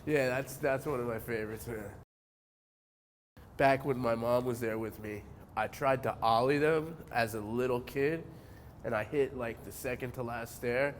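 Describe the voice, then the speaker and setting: A man from New in his forties speaks in a mid-pitched, easygoing voice, dropping curses constantly. He perks up when a story gets good. There is a faint hiss behind him. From New Jersey. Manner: laid-back, swears a lot, animated when telling stories. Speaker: interviewee, pro skateboarder. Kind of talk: casual interview.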